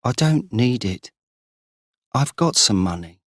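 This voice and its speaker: A man's voice: medium pitch, lively intonation, slow, dry recording, studio quality, pitched above the performer's own voice. A man reading an audiobook, voicing a young woman who speaks urgently and insistently.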